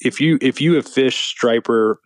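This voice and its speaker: A man's voice: medium pitch, a little slow, no room sound. A man who runs a fly shop, talking gear in eager casual chat. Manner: enthusiastic gear talk, says like and you know. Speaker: fly shop owner, podcast host.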